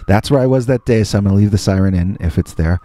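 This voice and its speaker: A man's voice: on the low side, quick pace, mellow. Rambling, self-mocking middle-aged male storyteller. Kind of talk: casual spoken storytelling. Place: indoors.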